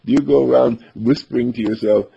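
A man's voice: mid-range voice, steady tone, fairly quick, gravelly, warm tone, slightly rough, dull audio. A man giving an earnest, upbeat self-affirmation monologue as a motivational speaker, repeating his affirmations.

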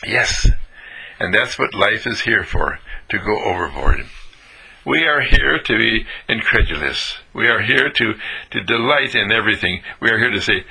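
A man giving a motivational monologue, acting out delighted, surprised exclamations in a lively, swooping voice. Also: on the low side, normal speed, vocal fry, breathy edge. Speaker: inspirational speaker.

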